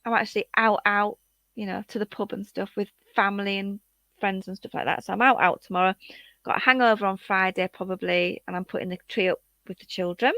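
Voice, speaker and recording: A woman with a bright, forward voice chats casually on her livestream. She talks to viewers in a relaxed, friendly way. The sound is dry and close, with no room around her. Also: mid-range voice, fairly quick, dry recording. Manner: chatty, warm sign-offs to viewers. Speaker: livestream host. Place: at home, late at night.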